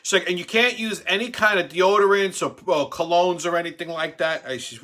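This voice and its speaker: In his forties, a show host tells a crude, profane comic story, swearing constantly and acting out the quotes with brash energy. His high, pushed, bright voice moves briskly with few pauses.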